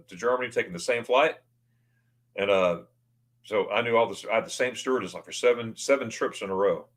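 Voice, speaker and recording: A man's voice: on the low side, fairly bright tone. Chatty man hosting a casual livestream. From United States. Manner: chatty, rambling, reads viewer comments aloud. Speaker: livestream host. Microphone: new desk microphone.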